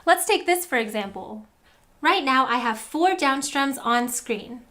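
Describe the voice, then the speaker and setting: A woman's voice: high voice, animated, a little slow, sharp tone. A woman teaching a guitar lesson, explaining step by step and counting out strums. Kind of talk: instructional lesson.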